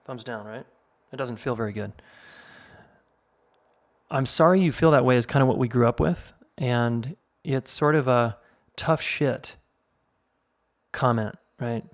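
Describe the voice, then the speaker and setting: Male podcast host, mid-pitched, easygoing advice talk. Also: fairly even intonation, measured pace. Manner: conversational, reads listener question and comments. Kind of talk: casual solo podcast advice.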